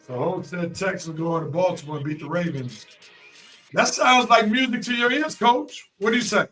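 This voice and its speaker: A man hosting a casual sports talk show over a video call, briskly moving the panel from one pick to the next. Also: sits high, lively intonation, pushed and bright, faint music behind. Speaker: host.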